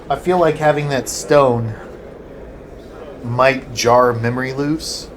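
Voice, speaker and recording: A man's voice: mid-range voice, a bit bright. Distracted man playing a game. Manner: distracted, rambling, reads text aloud. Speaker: gamer playing a role-playing game. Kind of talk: let's play commentary and reading. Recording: noisy home recording.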